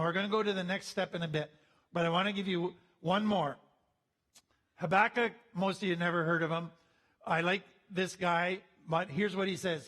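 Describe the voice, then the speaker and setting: A man with a notably high speaking voice delivers a teaching talk in an earnest, conversational manner. When he reads scripture aloud he slows down and leans into the words. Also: fairly bright tone.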